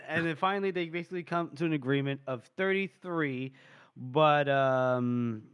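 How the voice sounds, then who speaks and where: A man co-hosting a podcast who retells a story in a casual, animated way and laughs often. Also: on the high side, moderate pace, smooth, dry recording. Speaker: podcast co-host. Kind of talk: casual book discussion.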